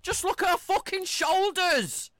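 A man's voice: very high voice, a little slow, fairly bright tone, no echo, studio quality. A man hosting a podcast, delivering a profane, rambling and mocking rant on his own. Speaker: podcast host. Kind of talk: ranting podcast monologue.

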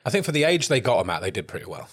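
A man's voice: on the low side, sing-song, racing, fairly bright tone, breathy edge. A man co-hosting a podcast, chatting casually and laughing at himself as he tells stories. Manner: laughing, self-mocking, eager storytelling. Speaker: podcast co-host. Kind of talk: casual chat.

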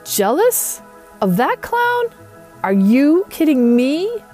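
A woman's voice: high-pitched, slow, soft background music, voice pushed up, heavily acted. A woman voicing a cold, clipped teenage girl. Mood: incredulous. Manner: clipped and deadpan, flaring into disbelief.

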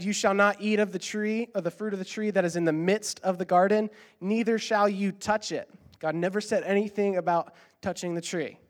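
Earnest high-voiced male preacher. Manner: earnest, emphatic preaching with repeated exhortations; uses fillers like um and uh when explaining. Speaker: pastor. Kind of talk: sermon.

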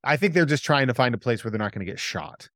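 Picture an excitable male podcast co-host recapping a movie scene by scene, close to the mic in a dry, deadened room. His voice sits at an ordinary middle pitch. He chats casually and throws himself into the retelling. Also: quick pace, no echo. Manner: excitable plot recap, acts out lines.

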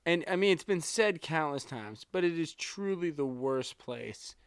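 A man's voice: on the high side, animated, unhurried, smooth, no echo, clean studio sound. A man co-hosting a podcast, reacting in an emphatic, profane and dramatic way during casual chat. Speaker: podcast co-host.

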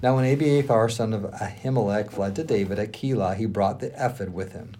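A man co-hosting a podcast, reading scripture aloud with lively emphasis. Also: on the low side, brisk. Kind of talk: Bible reading with light banter.

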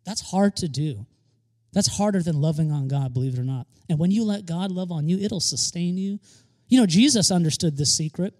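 A man's voice: on the high side, fairly quick, a little mellow. A man preaching a sermon as pastor, emphatic, repeating key phrases for stress and slipping in joking asides.

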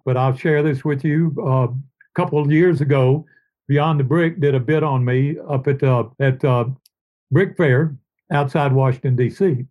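A man's voice: a little high, phone-quality sound. An older man, a guest telling long, rambling stories in a casual interview. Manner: rambling, warm anecdotes, sings made-up tunes.

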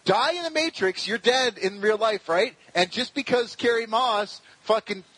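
A man's voice: high voice, normal speed, bright, forceful tone, no echo, poor audio. A man co-hosting a podcast, chatting casually and profanely about a movie with lots of fillers. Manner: swears heavily, rambling with many fillers. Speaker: podcast co-host.

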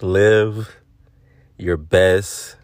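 A man's voice: low-pitched, steady tone, extremely slow, no echo, clean studio sound. A man in his twenties hosting his own podcast, talking to his listeners in a heartfelt, reflective monologue. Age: 20s. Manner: heartfelt, addresses listeners as y'all. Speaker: podcast host.

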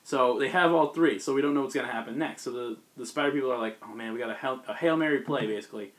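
A man's voice: mid-range voice, fast talker, a bit bright. A man on a podcast, casually retelling a comic book plot and acting out the characters' lines as he goes. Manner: rambling storyteller acting out characters. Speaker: podcast host recapping comics. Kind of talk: casual chat.

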